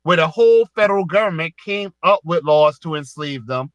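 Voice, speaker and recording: A man's voice: fairly high pitch, animated, fairly quick, no room sound. A man with a Southern US accent hosting a live online audio space, lecturing a caller in a heated, emphatic way and repeating himself.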